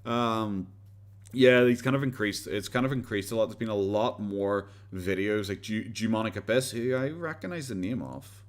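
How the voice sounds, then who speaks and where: A man's voice: on the low side, normal speed. An Irish man hosting a casual commentary livestream, rambling sarcastically with frequent stumbles and restarts. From Ireland. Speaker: livestream host.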